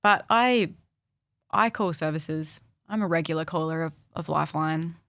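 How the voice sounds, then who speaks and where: Australian woman, young adult, deep voice, dry close sound, halting and reflective. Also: fairly bright tone, no room sound. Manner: thoughtful, halting, with frequent restarts. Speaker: guest. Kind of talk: candid personal conversation.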